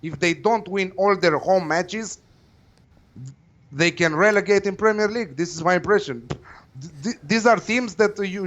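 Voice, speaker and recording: A man's voice: high-pitched, expressive, normal speed, a bit bright. Hesitant man, muffled audio. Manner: hesitant, many uh fillers, confident opinions. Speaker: football betting pundit. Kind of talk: casual panel chat.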